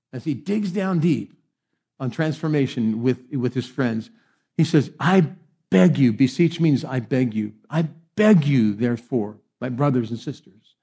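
This middle-aged pastor has a fairly high voice with a breathy edge. His sermon mixes self-mocking, humorous stories with swings from hushed tones to animated bursts.

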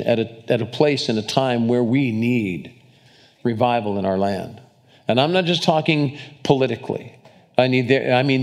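Conversational male pastor preaching. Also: medium pitch. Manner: conversational preaching with restarts and asides, engaging the crowd. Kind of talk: sermon to a live congregation.

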